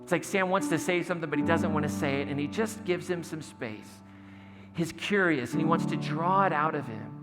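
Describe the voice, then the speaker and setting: A man's voice: on the high side, fairly quick, long reverb tail, loud music behind the voice. A man preaching a sermon in a church, telling a story conversationally, acting out the quotes and laughing now and then. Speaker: pastor. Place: church sanctuary.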